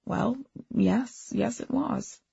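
A hushed, placating older gentleman, as a woman narrator voices him in a husky, gravelly tone. He keeps his voice low and gentle. The storybook recording is dull and dry. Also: extremely slow, exaggerated voice. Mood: soothing. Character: older man, calm, soothing husband.

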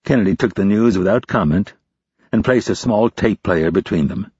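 Husky low-voiced male narrator. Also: normal speed, darkish tone, dry recording. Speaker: audiobook narrator. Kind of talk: scripted narration. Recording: dull, dry lo-fi recording.

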